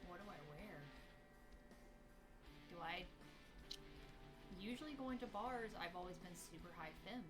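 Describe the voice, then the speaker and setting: A woman's voice: mid-range voice, over music. A young woman in casual, teasing banter with a friend. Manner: teasing, quick back-and-forth banter. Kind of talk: casual chat.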